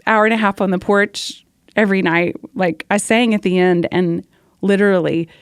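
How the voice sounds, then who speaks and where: A woman's voice: mid-range voice, steady tone, normal speed, smooth, no room sound. Earnest woman guest, dry close sound. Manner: earnest, storytelling, laughs often. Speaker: guest worship leader. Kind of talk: casual podcast conversation.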